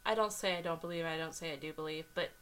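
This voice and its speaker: A woman co-hosting a podcast in casual chat, teasing and quick to react. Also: low-pitched, steady tone, a bit bright, low-quality recording. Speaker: podcast co-host.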